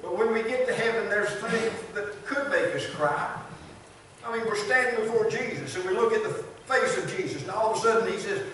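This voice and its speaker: An older man with a Southern American accent preaching a sermon as pastor, in a rhythmic style with repeated phrases, swinging between loud and soft. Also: high-pitched, a little fast, slight background noise. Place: large church sanctuary. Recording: very echoey church hall from a distance.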